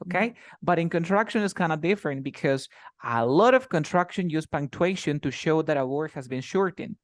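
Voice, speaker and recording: Spanish-speaking English teacher, dry sound. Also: male voice, fairly high pitch, expressive, fairly quick, no room sound. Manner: explains with many examples and repeats himself. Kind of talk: casual online lesson.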